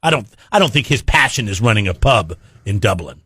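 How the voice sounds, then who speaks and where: A man's voice: fairly low pitch, sing-song, a little fast, pushed and bright, husky, no echo. A man hosting a radio show, giving blunt opinions in casual banter. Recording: dry radio studio.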